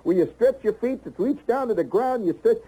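Rambling folksy male storyteller, dark husky tone, slightly higher pitch. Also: lively intonation, fairly quick, rough recording. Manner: folksy and rambling, full of "you know" and restarts. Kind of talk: rambling comic storytelling monologue.

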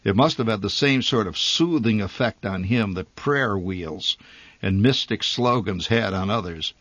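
Husky low-voiced male storyteller. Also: measured pace, a bit bright, no echo. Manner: wry, nostalgic storytelling. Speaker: narrator. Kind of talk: audiobook story narration.

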